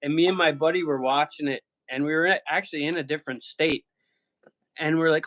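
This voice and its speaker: A man's voice: on the high side, fairly even intonation, fairly quick, fairly bright tone, poor audio. Blunt, swearing Upper Midwest man. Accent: Upper Midwest American. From Michigan, USA. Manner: blunt, profane, joking. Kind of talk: casual chat.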